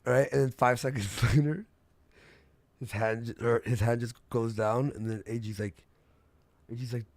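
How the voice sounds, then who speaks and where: Brief: young male streamer, gravelly, rambling storyteller, mid pitch. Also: steady tone, normal speed, darkish tone, no echo. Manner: rambling gossip storyteller, swearing, laughing. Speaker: streamer host. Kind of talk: casual livestream chat.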